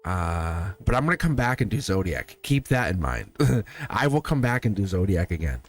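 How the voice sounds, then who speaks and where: Lively, chatty lower-voiced man. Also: moderate pace. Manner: chatty, rambling, chuckles between sentences; slips into playful put-on voices when quoting people. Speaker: tarot reader and live-stream host. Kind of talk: casual live-stream chat.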